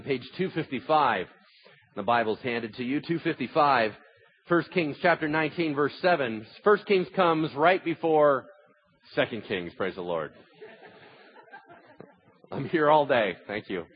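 Animated high-voiced pastor, dull recording. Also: male voice, husky. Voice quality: self-described huge voice. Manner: animated storytelling, swinging from loud to hushed. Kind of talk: sermon. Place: church.

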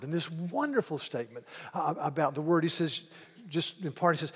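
A man preaching a sermon in an earnest, emphatic way, often repeating words as he builds to loud passages. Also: fairly high pitch, animated, a little fast, husky. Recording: long hall reverb.

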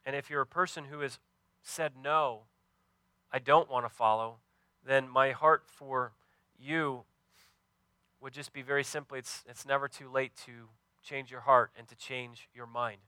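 Preaching to his congregation, a man tells a story with sincere, plain earnestness, his bright, crisp mid-range voice showing little pitch movement and frequently stalling on fillers. The sermon is recorded close with no room sound.

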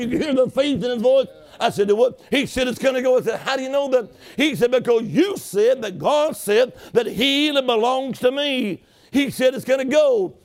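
A man's voice: very high-pitched, a little mellow. A man preaching a sermon, telling a story with emphasis and calling on the congregation to respond.

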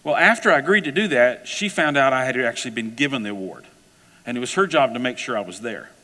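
A man preaching to his congregation, spinning a personal story with lively, conversational energy. His voice sits at an ordinary middle pitch and carries the long echo of a large hall. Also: quick pace. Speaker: pastor. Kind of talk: sermon.

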